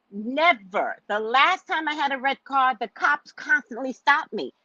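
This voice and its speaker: A middle-aged woman, a psychic host, tells a personal story in a chatty, animated monologue, acting out the voices of the people involved and tossing in asides like "right?". Her voice is fairly high-pitched. The recording sounds muffled, with no room sound.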